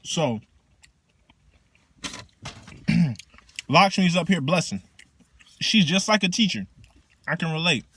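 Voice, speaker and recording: A man who works as a teacher casually explains spiritual practice in slangy, profane, animated talk. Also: fairly high pitch, slow, long pauses, slightly rough.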